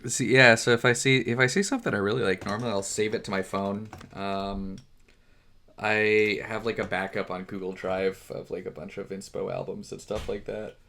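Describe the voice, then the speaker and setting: A man's voice: on the low side, flat delivery, normal speed, vocal fry, bright, forceful tone. A man co-hosting a podcast in casual chat, laid-back and sleepy, with crude jokes. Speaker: podcast co-host.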